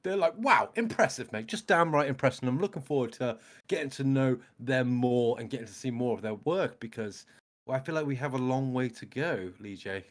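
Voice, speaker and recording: A man's voice: mid-range voice, animated, fairly quick. A British man co-hosting a reaction video, speaking enthusiastically and effusively in casual chat. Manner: enthusiastic, effusive, leans on "mate".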